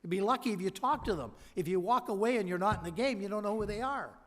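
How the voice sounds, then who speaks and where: A man's voice: high voice, fast. A man gives a convocation speech, telling stories with energy and acting out what people said. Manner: energetic storyteller who acts out quoted dialogue. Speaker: honorary doctorate recipient giving a convocation address. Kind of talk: anecdotal motivational speech. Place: large convocation hall. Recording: long hall reverb from a PA.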